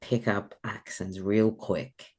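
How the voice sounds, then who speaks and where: A man's voice: on the low side, little pitch movement, takes it slowly, slightly rough. Guy in his 30s, british-sounding accent, rambly chatty author on a podcast. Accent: British-sounding English. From Sweden. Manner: rambling, chatty, laughs often, many fillers. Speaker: author guest. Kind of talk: casual podcast interview.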